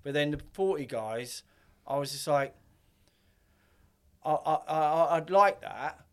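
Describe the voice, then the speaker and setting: A man's voice: a little high, expressive, takes it slowly, smooth. Rambling man in his fifties. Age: 50s. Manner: rambling, swears, acts out quotes. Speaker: podcast guest. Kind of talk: casual chat.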